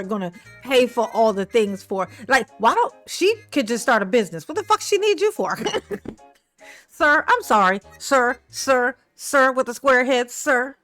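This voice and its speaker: A woman's voice: high-pitched, fairly bright tone. A woman giving casual, sassy reaction commentary on a news story, mocking, swearing and laughing often. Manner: breaks into exaggerated mimicking voices.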